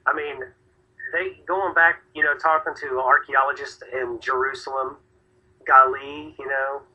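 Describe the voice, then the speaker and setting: Brief: man, radio host, bright husky voice, rambling and quick to laugh, radio sound. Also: mid-range voice, fairly even intonation, dull audio. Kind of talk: casual talk radio chat.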